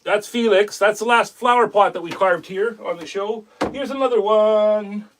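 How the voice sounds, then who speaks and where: Male stream host with a high voice, loose and rambling, chatting with viewers between carving projects. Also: normal speed, a bit bright, a little hiss or hum. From Canada. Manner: rambling, friendly, greets chat viewers by name. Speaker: woodcarving live-stream host. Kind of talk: casual live-stream chat.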